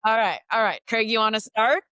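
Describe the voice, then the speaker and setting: A woman's voice: on the high side, brisk, sharp tone, clean tone, no echo, clean studio sound. A woman hosting a casual podcast chat, playful and upbeat as she quizzes her colleagues. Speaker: podcast host.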